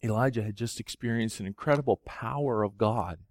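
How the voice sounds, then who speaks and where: A pastor preaching a sermon, moving from quiet, low retelling to loud, soaring exhortation. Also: male voice, fairly quick, no room sound, studio quality. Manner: swings from soft, low storytelling to loud, high-pitched preaching.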